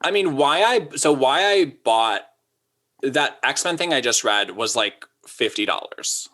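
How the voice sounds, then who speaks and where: A man's voice: medium pitch, animated, pushed and bright. A man co-hosting a casual podcast chat, rambling with lots of asides. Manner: chatty, quick asides, lots of "like". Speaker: podcast co-host.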